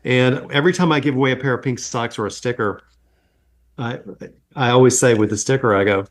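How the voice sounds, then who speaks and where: Animated middle-aged man telling stories. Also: medium pitch, fairly quick. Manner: animated storyteller, acts out quoted exchanges. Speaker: guest. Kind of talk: casual interview storytelling.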